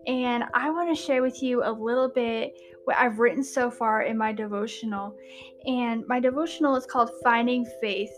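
Woman, fairly high voice, earnest, hushed emphasis, devotional reading, faint music. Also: steady tone, moderate pace. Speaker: podcast host reading her devotional.

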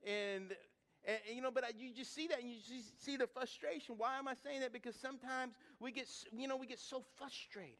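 High-voiced, lively middle-aged male preacher. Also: a little fast. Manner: lively, humorous, rhetorical questions to the congregation; repeats words and restarts while building stories. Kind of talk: sermon with storytelling.

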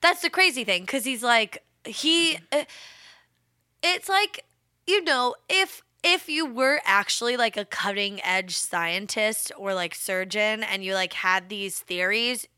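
A woman's voice: mid-range voice, lively intonation, takes it slowly, bright, forceful tone, smooth, dry recording, studio quality. A woman co-hosting a casual true-crime podcast, rambling with many fillers and acting out quotes. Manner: rambling, lots of "like", acts out quotes. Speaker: podcast co-host.

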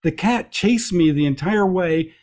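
A middle-aged man telling lively anecdotes as an interview guest, with frequent restarts and playful voices for quotes. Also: high voice, a little slow. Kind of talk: storytelling in a conversational interview.

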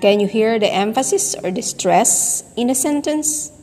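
Slow, deliberate woman teacher in reverb. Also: on the high side, expressive, darkish tone, slight background noise. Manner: slow, deliberate, demonstrating sounds and stress. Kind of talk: recorded voice lesson. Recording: long reverb.

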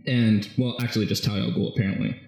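A man in casual chat, animatedly retelling a comic story and slipping into quick quoted voices. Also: on the low side, steady tone, vocal fry, a little mellow. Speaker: podcast co-host recapping a comic. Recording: echoey room.

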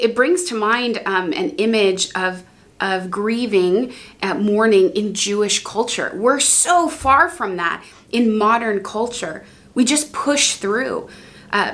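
Slow, gentle woman preacher. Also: mid-range voice. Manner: gentle, unhurried, grows soft and hushed in prayer. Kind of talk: devotional talk and prayer.

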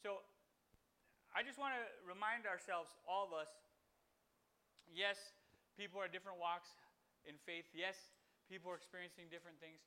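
A man gives an informal devotional talk for his podcast, his voice sitting high and sounding bright and forceful. He rambles and restarts often, and he breaks into animated bits where he acts out what people say. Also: normal speed, pauses often, clear, resonant tone. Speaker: podcast host giving a devotional.

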